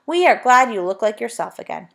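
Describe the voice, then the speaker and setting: A woman's voice: on the high side, sing-song, a little fast, vocal fry. A woman reading a storybook, voicing a patient, cheerful young girl. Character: bright, friendly young girl.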